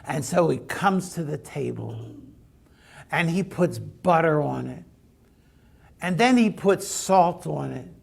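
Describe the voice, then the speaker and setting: A man's voice: fairly high pitch, lively intonation, slow pace, creaky, pauses often, breathy edge. A man preaching a sermon in a conversational, storytelling way. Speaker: pastor.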